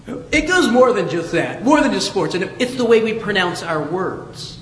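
A middle-aged pastor from Southwest Ohio preaching a sermon in a conversational, storytelling way, chuckling now and then. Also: male voice, high-pitched, sing-song, normal speed, a bit bright. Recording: echoey hall with reverb.

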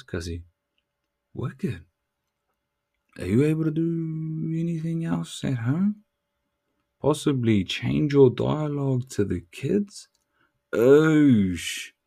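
A man's voice: medium pitch, vocal fry, warm tone, husky. A man hosting a motivational podcast, brash and profane, full of street slang. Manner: brash, swearing, street slang, calls listener "bruv".

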